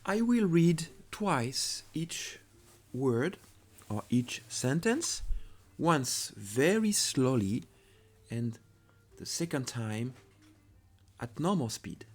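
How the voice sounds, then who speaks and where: A man with a French accent, a native French speaker, teaching a language lesson slowly and carefully, often pausing and repeating French words. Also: mid-range voice, big pitch swings.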